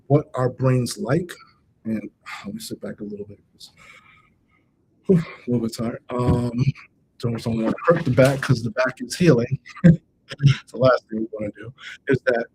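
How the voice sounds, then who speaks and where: A man gives a motivational talk as a coach on a livestream, in a mid-range voice. He speaks conversationally, circling back to restate each point and calling out to viewers in the chat. A faint low rumble sits behind him. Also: unhurried, long pauses, darkish tone, poor audio. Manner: addresses live chat viewers directly.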